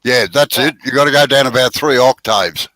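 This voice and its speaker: A man's voice: mid-range voice, normal speed, pushed and bright, dry recording, rough recording. An Australian man hosting a live woodturning stream, chatting casually and teasing friends while explaining technique. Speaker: woodturning show host.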